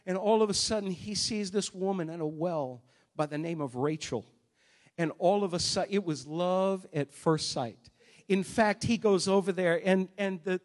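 Animated high-voiced male preacher. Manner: animated, swings between loud and hushed. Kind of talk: sermon storytelling.

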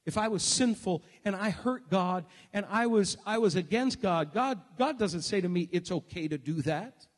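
A male preacher delivering a sermon, moving between quiet reflection and shouted exhortation. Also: high-pitched, expressive, moderate pace, few pauses, big-room sound.

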